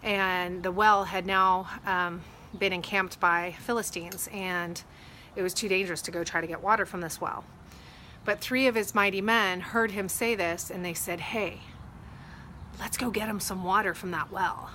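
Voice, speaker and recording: Uma mulher fala de forma descontraída para a câmera sobre liderança e fé, contando histórias com falas encenadas de um jeito animado. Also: female voice, mid-range voice, normal speed, slight background noise. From Texas. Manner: chatty, animated retelling with acted quotes. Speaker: real estate agent vlogger. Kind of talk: casual faith talk to camera.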